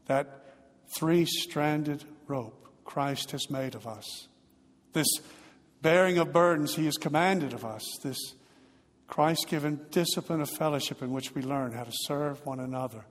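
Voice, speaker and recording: A man delivering a sermon as a pastor, telling a story earnestly and growing softer toward the end. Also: medium pitch, long reverb tail.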